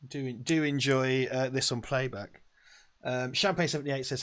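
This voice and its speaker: A man's voice: medium pitch, steady tone, moderate pace, fairly bright tone. A man co-hosting a casual live stream, swearing freely, a bit tipsy, reading out viewer messages. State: has been drinking. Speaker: co-host. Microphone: lavalier mic.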